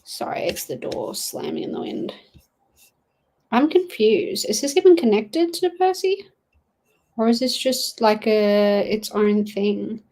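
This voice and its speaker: A woman's voice: a little high, animated, unhurried, dark tone, low-quality recording. A young woman chatting casually on a livestream, greeting viewers and rambling about her reading goals with plenty of fillers, from her dad's study at home. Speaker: livestreaming booktuber.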